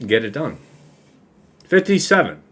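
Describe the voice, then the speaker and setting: A man streaming a game, tipsy from a few drinks, loud and teasing in casual banter with friends. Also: mid-range voice, sing-song, unhurried, husky. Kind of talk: casual chat while gaming.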